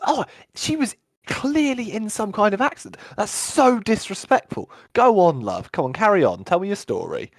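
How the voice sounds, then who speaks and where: A man putting on a gushing soft-hearted guard. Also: high voice, very animated, moderate pace, no echo, clean studio sound, voice pushed up, exaggerated voice. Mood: fawning sympathy. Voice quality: sweet, fawning and overly solicitous. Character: gushing sympathetic male guard, fussing and soothing.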